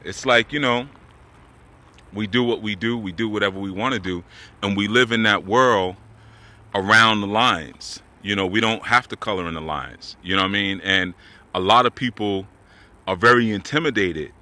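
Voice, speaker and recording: A man's voice: fairly low pitch, normal speed, pushed and bright. A man telling stories in a laid-back, rambling way with slang while walking outdoors in the woods. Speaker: spiritual teacher. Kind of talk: casual talk while walking.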